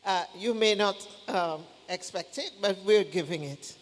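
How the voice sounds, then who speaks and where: A man introducing speakers at a church program in a relaxed, chatty way with small jokes. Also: high voice, unhurried, a little hiss or hum. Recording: church hall reverb, faint ambience.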